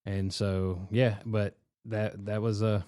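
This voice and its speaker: A man co-hosting a podcast in casual chat, telling stories in a loose, profane way and tossing in quick replies. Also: fairly low pitch, little pitch movement, mellow, clean tone. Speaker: podcast co-host.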